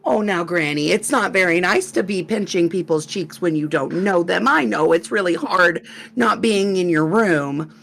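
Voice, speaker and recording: A woman doing a gravelly, chiding young caretaker. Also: lowish voice, normal speed. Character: restless young woman minding her granny.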